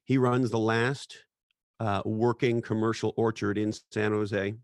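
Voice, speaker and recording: A middle-aged man with a low, gravelly voice, talking as a podcast guest. He tells personal stories earnestly and reflectively. The sound is close and dry. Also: level tone, unhurried, dry recording. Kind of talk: casual chat.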